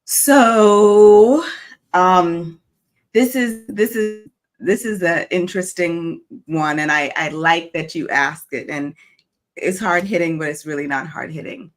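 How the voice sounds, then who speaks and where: Female interview guest from the Virgin Islands, measured and reflective delivery. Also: fairly low pitch. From Saint Thomas, Virgin Islands. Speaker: interview guest, mental health educator. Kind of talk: interview conversation.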